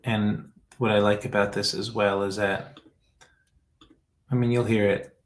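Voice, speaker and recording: A man hosting a laid-back chat, his voice sitting a little low and his delivery unhurried. He rambles warmly, pausing, trailing off and circling back as he shares something that moves him. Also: level tone, rough recording. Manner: rambling and heartfelt, trailing off and restarting. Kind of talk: casual chat.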